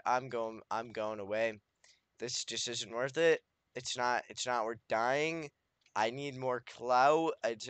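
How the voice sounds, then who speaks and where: A man's voice: medium pitch, a bit bright, clear, resonant tone, no room sound. Anxious, swearing young gamer man. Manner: anxious, swearing, self-talking, desperate pleading. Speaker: gaming YouTuber. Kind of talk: Minecraft let's play commentary.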